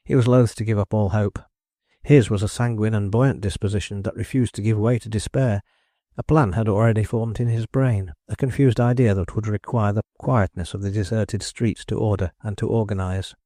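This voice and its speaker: A man reading a novel aloud as an audiobook narrator, in measured, deliberate scripted narration. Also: on the low side, steady tone, warm tone, no room sound, clean studio sound.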